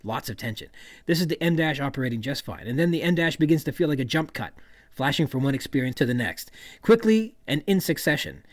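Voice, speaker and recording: A man's voice: a little high, fairly quick, dry recording. A man hosting a podcast, analyzing a novel's writing and reading quoted passages aloud. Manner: reads quoted passages aloud, then explains them; lively, expressive emphasis. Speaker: podcast host. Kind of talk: literary analysis monologue.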